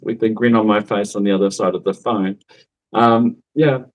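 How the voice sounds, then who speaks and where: A man's voice: fairly low pitch, fairly even intonation, moderate pace, rough recording. A man who works as a psychic medium tells a story in a casual, rambling way, full of fillers and asides. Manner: chatty, rambling, with many fillers and laughs.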